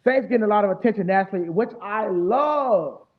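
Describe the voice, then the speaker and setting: A man hosting a casual fan stream, talking fast and loose with a lot of profane, animated trash talk. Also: high voice. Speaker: fan show host. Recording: tinny phone-like audio.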